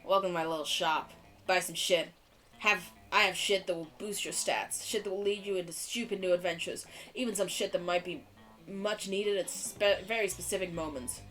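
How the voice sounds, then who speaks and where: A woman voicing a sleazy shopkeeper in a video game, hawking junk in a crude, lazy pitch, with faint game music behind. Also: steady tone, normal speed, a bit bright, lightly acted.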